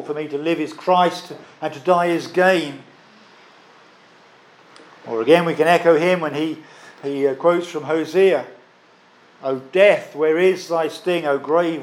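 A man preaching a sermon, emphatic, stressing and repeating key phrases with pauses. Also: fairly high pitch, darkish tone.

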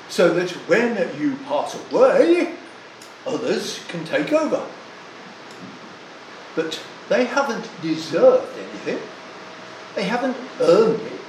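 An older man preaching a sermon, deliberate and emphatic, leaning hard on single words. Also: high-pitched, echoey room, slight background noise, rough recording.

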